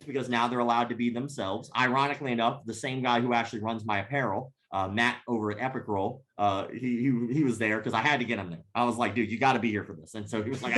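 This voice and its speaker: A man's voice: mid-range voice, fairly bright tone. A man, a podcast guest, telling a long anecdote in casual, profane talk and often laughing as he goes. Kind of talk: casual storytelling.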